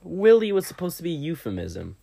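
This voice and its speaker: A man's voice: on the high side, huge pitch swings, a little fast, vocal fry, warm tone. A young man chatting and joking during a party card game over an online voice call, laughing between lines.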